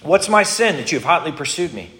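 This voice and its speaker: A man's voice: on the high side, very animated, fast, pushed and bright. A man voicing an angry, wronged herdsman who protests his innocence with emphatic force. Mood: indignant. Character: indignant wronged herdsman defending himself.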